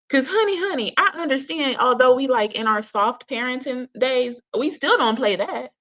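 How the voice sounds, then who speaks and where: A woman's voice: high voice, normal speed, a bit bright. A woman hosting a casual reaction commentary, chatty and slangy, often laughing and calling her viewers "y'all.". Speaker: reaction channel host. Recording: dull lo-fi audio.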